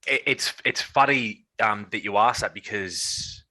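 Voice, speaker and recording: A young man, a coach co-hosting a podcast, telling personal stories in an earnest, animated way with many restarts. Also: fairly low pitch, slow, hardly any pauses, poor audio. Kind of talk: casual chat.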